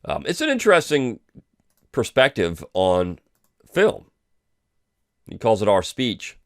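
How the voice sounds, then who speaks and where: The host of a weekly review podcast talks through recent articles casually, with plenty of ums and false starts. His voice is on the low side with wildly swooping pitch and a slow pace, captured in studio quality with no room sound.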